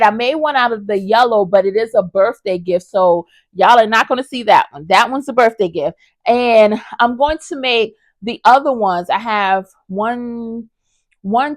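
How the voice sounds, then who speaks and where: A woman with a fairly high voice chats casually through a crochet review, enthusiastic and addressing her viewers directly. The sound is close and dry. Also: no echo. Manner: chatty and enthusiastic, talks straight to viewers as y'all. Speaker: crochet vlogger.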